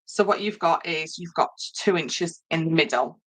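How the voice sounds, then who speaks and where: A woman's voice: sits low, normal speed, fairly bright tone, rough recording. A woman hosting a live crafting tutorial in a chatty, rambling way, greeting viewers by name with lots of ums. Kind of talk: casual live craft demonstration.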